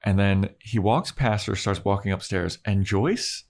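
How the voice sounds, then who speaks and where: Deep-voiced man retelling a TV episode. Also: measured pace. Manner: animated storyteller acting out scenes. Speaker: podcast co-host. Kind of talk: casual TV recap chat.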